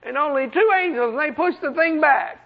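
A man voicing a cowardly, tearful male demon who whines in a high, trembling voice, on a muffled lo-fi recording. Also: a little fast, creaky. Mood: whimpering.

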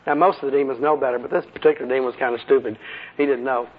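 A man's voice: medium pitch, steady tone, rapid-fire, breathy edge. A man preaching a sermon in a folksy, conversational way, asking his listeners rhetorical questions, on a muffled lo-fi recording.

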